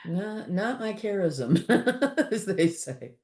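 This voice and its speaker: A woman in her sixties from Los Angeles, an author chatting as an interview guest, animated and laughing often with many fillers. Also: mid-range voice, slow. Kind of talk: casual interview chat.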